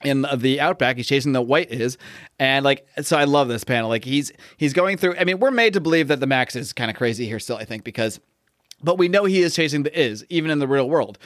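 A man's voice: mid-range voice, animated, fairly quick, fairly bright tone, dry recording, clean studio sound. A young man casually recapping a comic with his co-host, rambling with many fillers and restarts as he reads out lines. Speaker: podcast co-host discussing comics.

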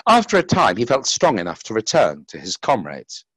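Husky man reading a story aloud. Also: huge pitch swings, a little fast, no echo. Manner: dramatic, with wide swings of pitch and loudness.

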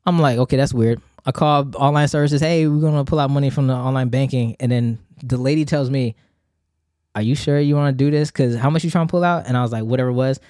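A man's voice: mid-range voice, fairly even intonation, quick pace, mellow, dry recording, clean studio sound. A man co-hosting a casual chat, telling a story animatedly and acting out both sides of the conversations. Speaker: podcast co-host.

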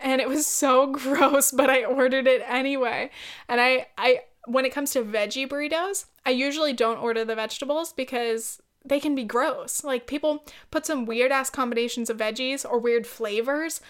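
A podcast host with a slightly high, smooth, clear and somewhat bright voice chats casually at a moderate pace and steady tone. She tells her story bluntly, swearing freely and often breaking into laughter.

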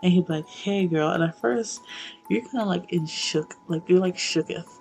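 A woman's voice: lowish voice, moderate pace, creaky, darkish tone, faint music behind. A young woman in casual chat, rambling with many fillers and swearing freely.

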